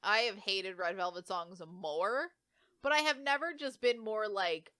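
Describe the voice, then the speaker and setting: Animated and full of opinions, a young podcast co-host works her way through a countdown of songs in relaxed conversation. She speaks at a measured pace in a medium pitch, and the tone is clean with no echo.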